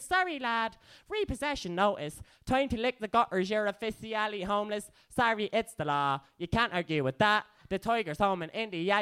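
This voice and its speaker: Angry poet with gravelly voice. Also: male voice, high-pitched, fairly bright tone. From Northern Ireland. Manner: angry, profane, chanting repeated refrains. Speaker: performance poet. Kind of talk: spoken word poetry performance.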